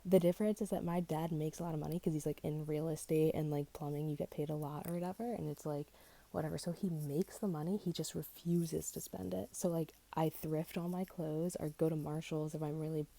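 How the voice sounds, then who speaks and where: A teenage girl with a low, gravelly voice and a dark, mellow tone tells a storytime rant, rambling and swearing in nearly every line. She mocks herself as she talks. The sound comes through a headphone mic. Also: fairly even intonation, brisk. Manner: rambling, swears constantly, self-mocking. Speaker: vlogger.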